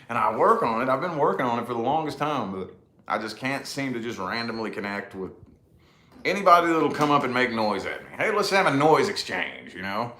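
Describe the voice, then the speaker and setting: A man's voice: mid-range voice, pushed and bright. A man vlogging in a casual, rambling monologue, swearing freely and laughing often at himself. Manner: profane, self-deprecating, laughs often. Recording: echoey room.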